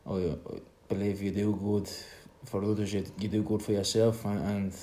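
An Irish man speaking reflectively in a conversation, halting and repeating words as he searches for them. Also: on the low side, little pitch movement, dark tone. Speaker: son in a conversation.

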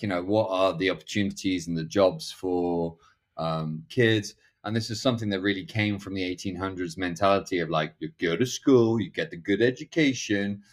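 A middle-aged man with a notably low, deep voice chats as a podcast guest. He rambles, restarts his sentences and leans on fillers as he circles toward his point. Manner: acts out other people's lines in quoted voices. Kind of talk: casual conversational interview.

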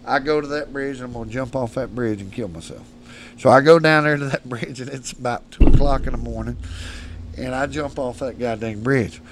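A man's voice: medium pitch, a little fast. Man, podcast guest, loose salty storyteller, laughs a lot, slight hum. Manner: animated, laughs often, salty language. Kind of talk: rowdy storytelling. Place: studio.

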